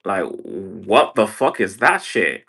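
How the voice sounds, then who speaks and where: Male streamer from Brazil, low voice, very slow filler-heavy rambling monologue. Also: very animated, creaky, fairly bright tone, slightly rough. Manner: meandering, filler-heavy, 'like' in nearly every phrase. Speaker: livestreamer. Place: indoor room.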